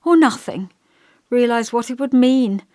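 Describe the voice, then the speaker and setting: A woman reading the part of a subdued, wary young married woman in an audiobook, speaking quietly and evasively. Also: fairly high pitch, animated, measured pace, no room sound, studio quality, pitched above the performer's own voice.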